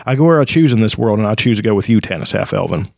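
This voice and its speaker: A man reading as a soft-spoken, intense old wizard. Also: on the low side, lively intonation, racing, creaky, no echo, studio quality.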